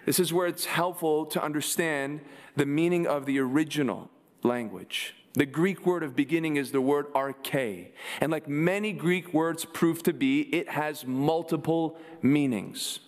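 A man's voice: on the high side, unhurried. A man preaching a sermon, asking his congregation rhetorical questions and answering them with emphasis. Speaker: pastor.

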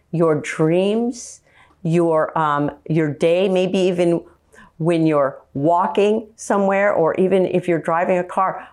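Slow, low-voiced woman preaching. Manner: slow, earnest teaching with Bible quotes. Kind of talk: sermon teaching.

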